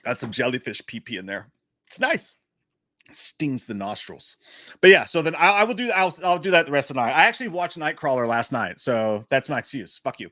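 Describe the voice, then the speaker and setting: Animated, bright-voiced male livestream host. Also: medium pitch, brisk, no room sound, studio quality. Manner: animated, profane, self-mocking jokes. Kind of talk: casual live chat about a movie.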